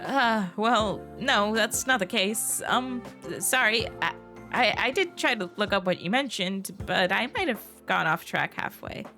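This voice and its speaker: A woman's voice: medium pitch, expressive, measured pace, sharp tone, soft background music, voice pushed up. Woman reading as a nervous young researcher. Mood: nervous evasive. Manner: hesitant, stammering, with fillers.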